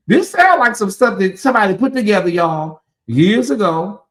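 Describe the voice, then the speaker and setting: A man with a notably high voice hosts a livestream, talking straight to his chat. He chats in an animated way and breaks into laughter often. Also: measured pace. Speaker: host.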